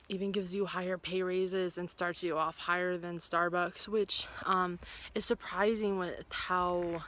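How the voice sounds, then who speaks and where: A woman's voice: mid-range voice, sharp tone. A young woman venting to her camera in a casual rant, blunt, sarcastic and full of swearing. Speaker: vlogger.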